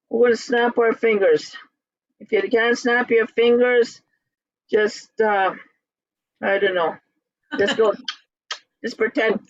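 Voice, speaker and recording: A language teacher leading an online class in a relaxed, halting way with many fillers, heard over a video call. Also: mid-range voice, no echo, muffled recording.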